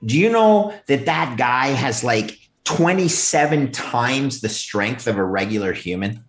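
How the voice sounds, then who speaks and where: A man chatting casually as a guest on a video call, emphatic and animated. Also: mid-range voice, unhurried, reverberant. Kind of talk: casual chat.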